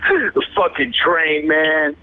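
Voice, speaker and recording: A man's voice: a little high, expressive, slow pace. Laid-back young man on a tinny line. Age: 20s. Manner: laid-back, profane street slang, says "man" constantly. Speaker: rapper, interview guest. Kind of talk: casual storytelling.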